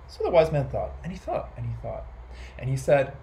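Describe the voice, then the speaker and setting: A man reading a children's story aloud as a library storyteller, animated and playful, making animal and household sound effects. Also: medium pitch, moderate pace, a little hiss or hum, poor audio.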